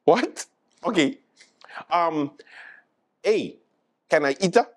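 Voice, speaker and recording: A man's voice: fairly high pitch, animated, slow. A man hosting a late-night show, riffing through a comic monologue in an exasperated, mock-incredulous way and stumbling over repeated words for laughs.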